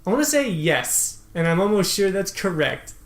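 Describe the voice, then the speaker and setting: A man's voice: sits high, very animated, moderate pace. A young man co-hosting a casual movie podcast, laid-back and wry, often hesitant as he talks. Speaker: podcast co-host. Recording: echoey room.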